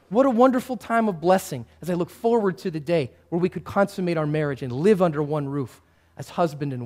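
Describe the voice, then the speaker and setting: A male pastor giving a first-person character sermon, addressing listeners directly and swinging between hushed and raised passages. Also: high-pitched. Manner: speaks to listeners directly as "you" and "guys".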